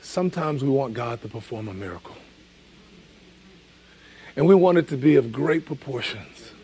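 A man's voice: medium pitch, lively intonation, normal speed, pauses often, warm tone. A man in his forties preaching a sermon in a conversational, emphatic way, repeating key phrases. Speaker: pastor.

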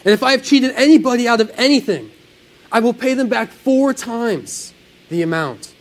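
Animated, high-voiced man preaching. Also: moderate pace, low-quality recording. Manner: animated, earnest preaching with sudden swells and drops. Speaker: pastor. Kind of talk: sermon.

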